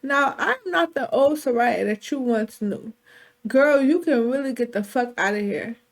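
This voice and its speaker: A woman's voice: fairly high pitch, expressive, measured pace, creaky. A woman voicing a bold young woman who talks back to her mother, with blunt, profane comebacks. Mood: defiant. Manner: blunt, profane, sassy clapbacks.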